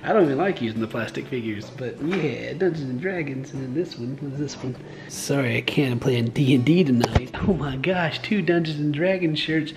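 Soft-spoken young dad vlogging at home. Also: male voice, mid-range voice, fairly quick. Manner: soft-spoken, often hushed around the baby, jokey. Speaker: vlogger, new father. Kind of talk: casual family vlog chat. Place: home with a baby.

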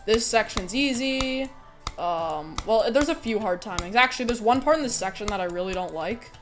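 A woman's voice: mid-range voice, lively intonation, normal speed, background noise. A young woman streaming a game, chatting casually and talking through her run. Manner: chatty, bursts into squealing protests and laughter. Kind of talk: casual live-stream commentary while playing.

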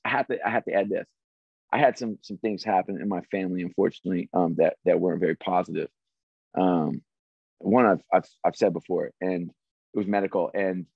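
A middle-aged man, a former sports executive, telling stories as an interview guest in an animated, restarting way. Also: lowish voice, creaky, no echo. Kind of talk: casual interview storytelling. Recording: dry, slightly dull audio.

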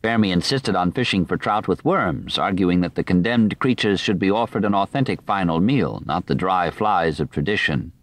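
A man reads a nonfiction audiobook in a steady, measured way, his voice pitched on the low side. It is a close, dry studio recording with no room sound.

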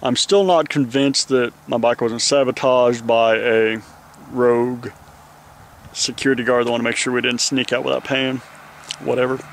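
A man's voice: medium pitch, fairly even intonation, moderate pace. A man traveling by motorcycle, talking to a handheld camera from a roadside guardrail in the rain, weary and venting as he rambles. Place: roadside guardrail outdoors in the rain, traffic passing. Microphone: handheld camera held close.

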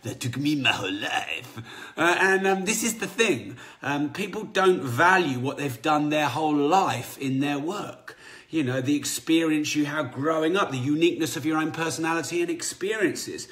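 A man's voice: a little high, normal speed. A man hosting a motivational business podcast, talking energetically and casually correcting himself. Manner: energetic, conversational, self-correcting. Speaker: podcast host.

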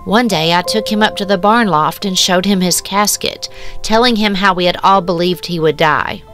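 A woman reading a short story aloud in a measured, hushed, wistful way. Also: lowish voice. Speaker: story narrator. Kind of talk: scripted storybook narration. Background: soft music.

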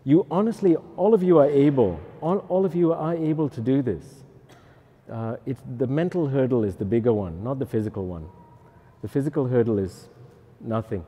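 A man's voice: medium pitch, moderate pace, in a large hall, narrow, tinny audio. A male Catholic priest giving a humorous, teasing talk to pilgrims. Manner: joking, lively, teasing.

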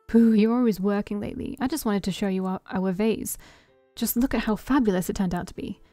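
A woman's voice: mid-range voice, brisk, dark tone, no room sound, soft background music, natural voice. A woman voicing a flamboyant, doting rich woman with a gushing, theatrical manner, in a game read aloud. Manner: gushing, theatrical, calls people sweetheart.

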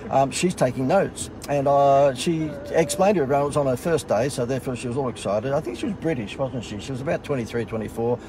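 A man's voice: medium pitch, quick pace, hardly any pauses, noisy background. A middle-aged Australian man casually telling a funny story in a sarcastic, self-mocking way. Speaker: host.

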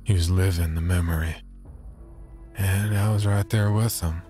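A man narrating a horror story in a measured, subdued way. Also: sits low, fairly even intonation, dark tone, faint music behind.

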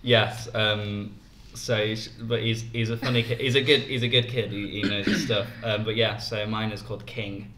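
British man, podcast co-host, easygoing talker, average pitch, roomy recording with light noise. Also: moderate pace. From Britain. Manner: relaxed, chatty storytelling with frequent restarts. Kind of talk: casual chat.

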